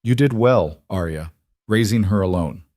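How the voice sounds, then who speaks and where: A man voicing a calm, assured mafia boss with a dry, amused manner in an audiobook. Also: sits low, moderate pace, no echo. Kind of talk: audiobook character voice.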